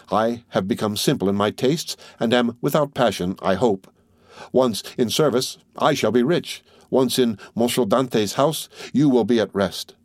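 A man voicing a proud, ruined young nobleman who speaks in a measured, formal way. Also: mid-range voice, darkish tone, no room sound, studio quality, close to an everyday voice.

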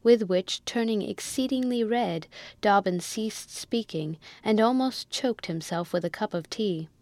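An audiobook narrator reads a classic novel in a measured, storytelling style from a scripted text. Her mid-pitched voice has a darkish tone, captured dry and close with no echo or room sound.

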